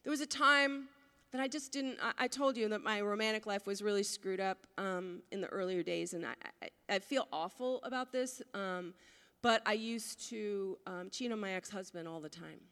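A woman's voice: mid-range voice, normal speed, a bit bright, smooth. A woman pastor giving a conversational sermon, often asking her listeners questions. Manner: conversational, asks the congregation questions. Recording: long hall reverb.

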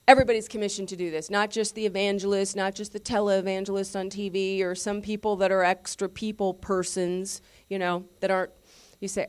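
A woman pastor teaching a sermon in a lively, conversational way, asking her listeners questions and correcting herself as she goes. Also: mid-range voice, fairly quick, clean tone. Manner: restarts and self-corrections.

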